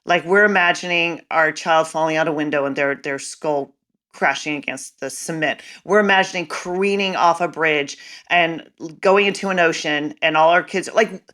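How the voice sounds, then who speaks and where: A woman guest, a mom coach, telling stories in an animated, dramatic way during a casual interview. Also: low-pitched, normal speed.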